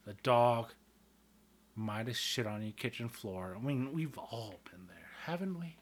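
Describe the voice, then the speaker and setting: A man's voice: medium pitch, lively intonation, unhurried, a little hiss or hum. A man in a casual, rambling monologue, swearing freely and losing his train of thought.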